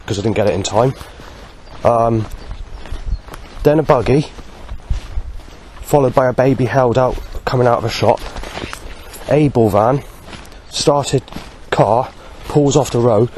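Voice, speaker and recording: Hesitant man with a flat delivery. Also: medium pitch, a little hiss or hum. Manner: hesitant, many pauses and "um"s, lists things one by one. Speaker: vlogger. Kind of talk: rambling personal video diary.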